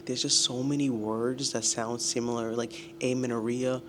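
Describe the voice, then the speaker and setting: A man's voice: mid-range voice, little pitch movement, normal speed, few pauses, background noise. A young man talking casually in his vlog about school, exasperated and self-deprecating. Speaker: student vlogger.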